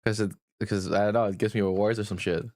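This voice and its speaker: A man's voice: fairly low pitch, steady tone, fast, darkish tone, no echo, studio quality. A man livestreaming and answering chat in a blunt, profane, teasing way.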